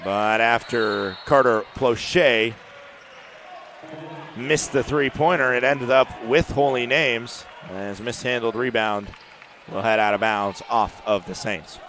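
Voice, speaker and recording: A man doing play-by-play commentary for a basketball game, rising to shouts on big plays, with faint court noise behind him. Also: medium pitch, takes it slowly. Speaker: play-by-play announcer. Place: arena broadcast booth.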